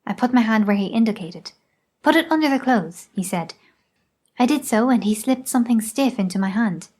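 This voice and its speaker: A woman reading a memoir aloud in scripted narration, measured and even. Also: medium pitch, husky. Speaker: audiobook reader.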